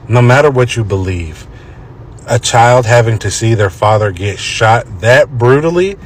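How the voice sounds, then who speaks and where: A man's voice: mid-range voice, expressive, measured pace, a little hiss or hum. A man speaking earnestly and firmly in a direct-to-camera opinion video. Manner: earnest, firm.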